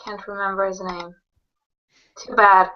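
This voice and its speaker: Slow hesitant woman, lo-fi audio. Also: mid-range voice, little pitch movement. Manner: hesitant, searches for words. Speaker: chat participant. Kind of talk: casual chat.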